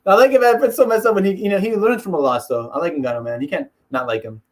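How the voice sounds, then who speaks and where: Male host, casual rambling fight talk, a bit high-pitched, laughs a lot, slips into impressions. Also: fast talker, a little mellow. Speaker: MMA video host.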